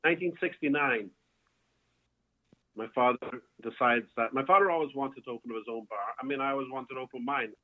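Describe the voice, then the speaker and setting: On a tinny phone call from home, a bar owner appearing as a guest tells a lengthy, rambling story in casual fashion. His voice is medium-pitched and fairly quick, and he restarts often, using plenty of fillers.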